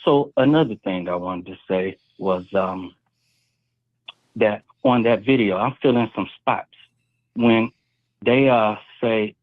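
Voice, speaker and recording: A man's voice: on the low side, fairly even intonation, moderate pace, dry recording, phone-quality sound. A man calling in to a live show, eagerly retelling sounds and voices he heard on a video. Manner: retells sounds and quotes from a video with rising emphasis. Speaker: caller.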